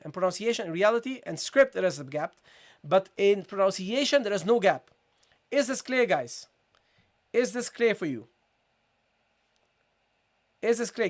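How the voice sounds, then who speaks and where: Patient teacher repeating and checking in. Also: male voice, sits high. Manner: repetitive, checking in with viewers, slow demonstration of sounds. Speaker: Quran recitation and Arabic teacher. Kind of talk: live-streamed tajweed lesson.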